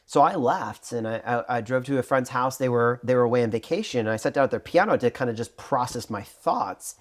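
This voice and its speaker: On a faith podcast, a thirtysomething co-host shares his testimony in a conversational way, his mid-range voice moving a little fast. He tells the story with lively energy and performs what other people said.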